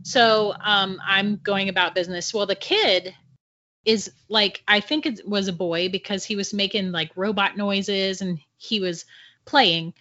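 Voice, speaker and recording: Middle-aged woman guest, lively storyteller who laughs easily, bright voice, dull lo-fi sound. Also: mid-range voice, a little slow. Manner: animated, laughs often between sentences. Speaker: podcast guest. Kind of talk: telling a personal ghost story. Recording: dull lo-fi audio.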